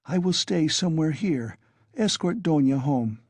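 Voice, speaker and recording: A timid, tearful middle-aged mother pleads in alarm, her voice pitched high and a little husky. A man reads her. The recording is dry and close. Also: lively intonation, unhurried, dry recording, heavily acted. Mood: anxious.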